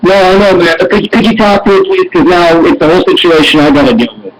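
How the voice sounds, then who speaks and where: A man calling in to a radio show, halting and stammering as he talks. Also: high voice, poor audio. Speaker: caller. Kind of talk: phone call-in.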